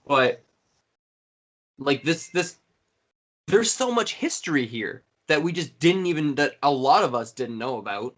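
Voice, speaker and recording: A man co-hosting a casual podcast chat, retelling moments with excitement and energy. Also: fairly high pitch, unhurried, pauses often. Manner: excited storytelling, acts out quotes. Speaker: podcast co-host.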